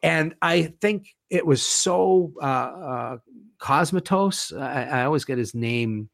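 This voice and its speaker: Gravelly-voiced man, animated and enthusiastic. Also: a little high, slow, no room sound, clean studio sound. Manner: enthusiastic, animated, swears casually. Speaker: guest, horror author and podcast host. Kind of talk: casual conversation.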